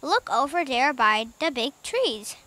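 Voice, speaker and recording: A kind, motherly girl who soothes and reassures the younger children, read aloud by a woman. Her voice is high and bright with a gentle storybook warmth. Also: big pitch swings, unhurried, exaggerated voice. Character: kind, motherly older sister Jessie.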